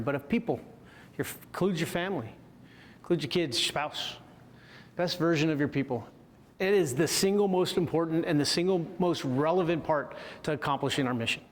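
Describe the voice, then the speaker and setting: A man's voice: fairly high pitch, in a large hall. A man giving a motivational military leadership lecture, telling a story and often checking in with listeners by asking "right?". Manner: keeps checking in with the audience with "right?".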